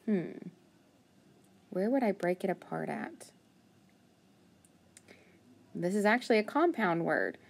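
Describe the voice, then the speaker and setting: Woman teacher doing phonics, sounds out words slow, patient and encouraging. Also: mid-range voice, lively intonation, creaky. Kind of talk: phonics lesson, thinking aloud.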